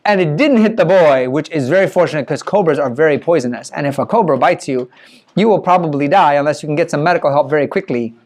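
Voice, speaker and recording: A man telling a children's mission story, animated and playful, with spoken sound effects. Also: fairly high pitch, fast talker.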